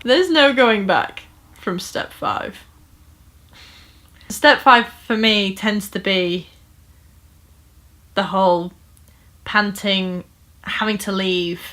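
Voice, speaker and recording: A woman's voice: medium pitch, slow pace, long pauses, pushed and bright. A woman talking earnestly and casually to camera at home, with frequent fillers and restarts. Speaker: vlogger. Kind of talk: casual personal storytime talk.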